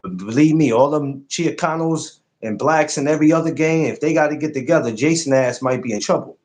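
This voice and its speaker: A man hosting a live podcast stream, chatting casually and animatedly, swearing freely and jumping up high when he mocks something. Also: brisk, a little mellow.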